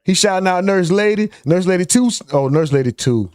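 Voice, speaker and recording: A man's voice: sits high, lively intonation, a little fast, a little mellow, no room sound, studio quality. A man hosting a live stream, casually reading out chat comments and joking with viewers. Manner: loose, joking, reads chat names aloud.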